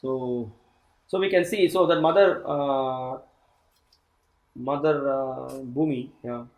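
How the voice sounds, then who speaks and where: A man's voice: mid-range voice, takes it slowly, roomy sound, rough recording. A man teaching a scripture course, reading passages aloud and commenting on them. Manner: reads aloud and comments, with laughs. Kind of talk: scripture class lecture.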